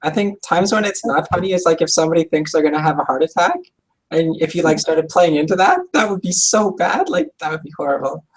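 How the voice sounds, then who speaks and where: A woman's voice: deep voice, animated, a little fast, slightly rough, poor audio. A young adult woman co-hosting a casual chat show, talking in a rambling, hesitant way full of fillers. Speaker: co-host.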